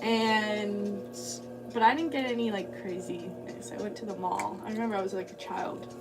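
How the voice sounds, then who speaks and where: A woman's voice: mid-range voice, steady tone, moderate pace, over loud music. A woman potter livestreaming as she works, chatting casually and thinking aloud. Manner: rambling, thinks aloud while working. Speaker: ceramic artist livestreaming. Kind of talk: casual livestream chat while working. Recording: distant mic with background noise.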